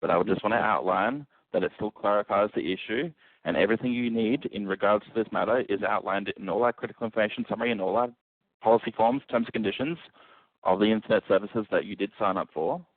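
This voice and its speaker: Low-voiced male call-centre agent. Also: fast, no room sound. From Australia. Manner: flat, procedural, calls the caller mate. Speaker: customer service agent. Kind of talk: scripted customer service call. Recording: dry tinny phone line.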